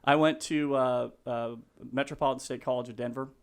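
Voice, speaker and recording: A man's voice: medium pitch, fairly even intonation, smooth. A man who works as a real estate agent, a guest in a casual podcast interview, talking earnestly with many restarts and fillers. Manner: halting, full of restarts and fillers; earnest, gets emotional and laughs.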